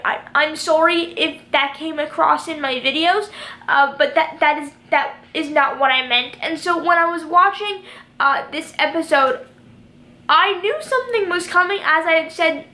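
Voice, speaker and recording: High bright voice, 20 yr old girl rambling about a tv episode, lots of likes and ums, emotional. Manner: rambling, filler-heavy, emotional. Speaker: show review vlogger. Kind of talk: casual emotional review chat.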